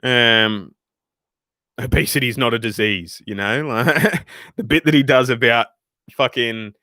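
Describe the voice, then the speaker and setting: A man's voice: medium pitch, unhurried, no room sound, studio quality. A young Australian man chatting casually on a livestream, swearing often and rambling between chat comments. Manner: profane, rambling, animated. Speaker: livestream host reading chat.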